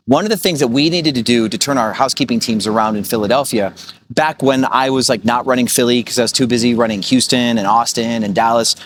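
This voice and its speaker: A man's voice: mid-range voice, slight background noise. A man in his thirties coaching rental hosts in a blunt, profane, storytelling way, full of fillers like "like" and "right?". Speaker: short-term rental business coach. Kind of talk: casual vlog monologue.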